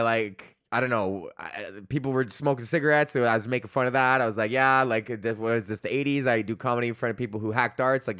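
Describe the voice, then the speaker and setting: A man's voice: medium pitch, a bit bright, clean tone. Profane rambling comedian man. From Canada. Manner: rambling, profane, laughs often, mock voices. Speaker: comedian podcast host. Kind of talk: solo comedic rant.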